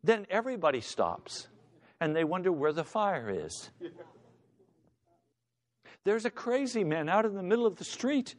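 A man's voice: high voice, sing-song, measured pace, long pauses. A male pastor preaching a sermon with passion, acting out the voices of the people in his story. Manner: impassioned preacher, acts out shouting voices.

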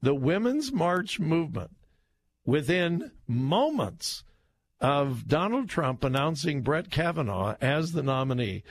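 A radio talk show host, male, laughs and mocks his way through political commentary, drawing out words for emphasis. He's recorded dry on a studio microphone in a radio studio, his voice leaning high.

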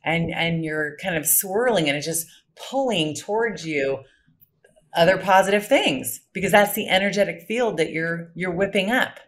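Speaking at normal speed with a medium pitch and a slightly bright tone, this podcast host rambles enthusiastically through casual conversation. Words get repeated and phrases restarted as the thoughts take shape.

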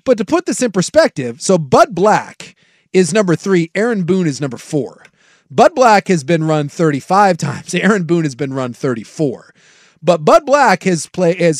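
A man co-hosting a casual sports talk show, arguing his points in animated bursts. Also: on the high side, no room sound, studio quality. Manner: animated, argumentative, rapid bursts.

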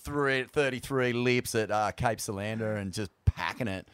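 A man's voice: fairly low pitch, normal speed, smooth, dry recording. A man hosting a podcast, chatting casually, swearing freely and laughing through his stories. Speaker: podcast host. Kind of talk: casual chat.

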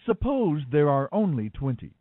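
A man's voice: on the high side, very animated, normal speed, dry recording, narrow, tinny audio. A man reading scripture, voicing a humble old man who pleads and bargains. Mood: pleading.

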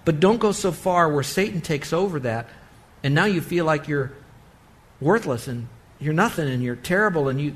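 A man's voice: on the high side, lively intonation, normal speed. A man preaching as a pastor, leading an earnest altar call that rises to fervent exhortation. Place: church sanctuary.

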